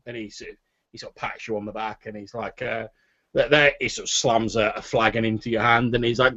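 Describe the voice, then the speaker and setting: A man's voice: lowish voice, fairly even intonation, a little fast, a bit bright, no room sound. A man narrating as game master, rambling with many fillers. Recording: dull lo-fi recording.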